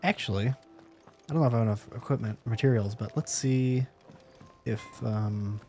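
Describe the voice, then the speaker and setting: A man's voice: mid-range voice, steady tone, normal speed, warm tone, faint music behind. A man doing casual, joking, profane commentary while streaming a game, sleepy and yawning.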